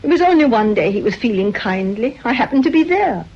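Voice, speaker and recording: A meek, resigned woman in an old radio play, soft and apologetic. Her husky voice rises and falls expressively, and the recording is dull and lo-fi. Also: a little high, very animated, a little fast, full character voice. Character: meek, self-effacing spinster, gentle and resigned. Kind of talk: radio drama acting.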